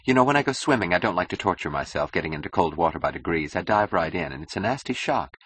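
A man's voice: sits low, sing-song, fast, fairly bright tone, husky, dry recording, full character voice. A man voicing an ironic, drawling woman. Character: cool, mocking, aloof young woman.

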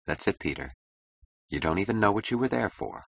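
A man's voice: deep voice, sing-song, brisk, creaky, husky, dry recording, heavily acted. A man voicing a cool, mocking young woman who speaks in a languid, ironic drawl.

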